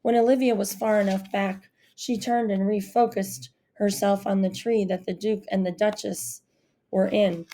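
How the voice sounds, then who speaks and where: Woman narrating with a mellow voice. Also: medium pitch, moderate pace. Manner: steady storytelling. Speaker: audiobook narrator. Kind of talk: scripted narration.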